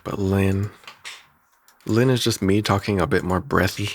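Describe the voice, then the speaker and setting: A man's voice: sits low, steady tone, a little slow, slight background noise. A man who animates and makes music, talking casually and in a rambling way through how he made a cartoon's sounds, often chuckling and restarting his sentences. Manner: rambling, chuckling, self-interrupting. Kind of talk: production breakdown talk.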